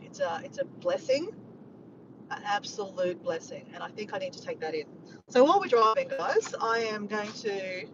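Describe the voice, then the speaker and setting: A woman's voice: fairly high pitch, muffled recording, noisy background. An Australian woman chatting casually with her viewers while driving, filmed on a phone. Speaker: vlogger. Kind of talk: casual chat to a live chat. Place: in a car. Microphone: phone camera.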